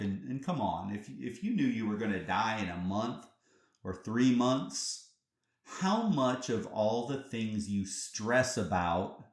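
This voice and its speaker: A man hosting a reflective solo podcast, talking earnestly and conversationally, often restarting phrases and asking the listener rhetorical questions. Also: fairly low pitch. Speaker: podcast host. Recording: roomy echo.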